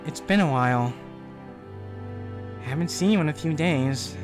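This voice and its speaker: A man voicing a worried, gentle young woman who stammers softly, over faint game music. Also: a little high, a little slow, close to an everyday voice. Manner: hesitant, stammering and soft.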